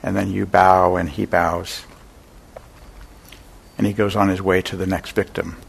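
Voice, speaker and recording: An older man giving a dharma talk as a meditation teacher, an unhurried storyteller who pauses often. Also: low-pitched, flat delivery, gravelly, slight background noise. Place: meditation center hall.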